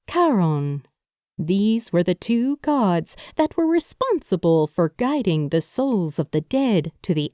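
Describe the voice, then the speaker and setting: A woman narrating a supernatural romance audiobook with even, measured storytelling. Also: medium pitch, dry recording, studio quality. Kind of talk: scripted narration.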